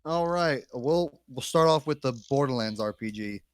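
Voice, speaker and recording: A man's voice: mid-range voice, animated, normal speed, clear, resonant tone. A man co-hosting a casual gaming podcast, wry and keen to move the conversation along. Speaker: podcast co-host.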